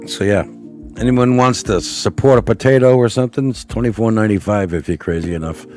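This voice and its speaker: Man, casual live stream chat, rambling, profane, dark mellow tone, faint music behind. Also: on the low side, a little fast. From Oregon. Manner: rambling and profane, laughing at his own stories. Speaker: livestream host.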